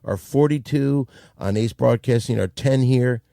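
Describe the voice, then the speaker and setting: A man's voice: mid-range voice, unhurried, creaky, warm tone, dry recording, clean studio sound. A man hosting a comedy podcast, blunt and steering the conversation. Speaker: podcast host.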